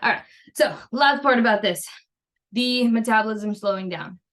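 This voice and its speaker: A woman's voice: on the high side, normal speed, fairly bright tone. A young adult woman, a nutrition coach, talking casually and reassuringly to her clients over a screen share, with lots of fillers. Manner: chatty, filler-heavy, reassuring.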